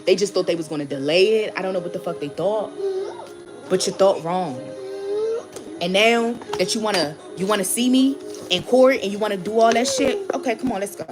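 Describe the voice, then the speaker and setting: A woman's voice: mid-range voice, brisk, over music. A woman, a tarot reader hosting her channel, rants to her viewers in a blunt, heated way, swearing often and repeating herself. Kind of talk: casual ranting vlog.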